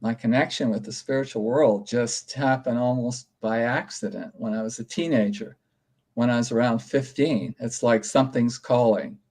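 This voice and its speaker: A man, a college professor, speaking as a guest in a casual interview in a calm, straightforward way. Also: mid-range voice, normal speed.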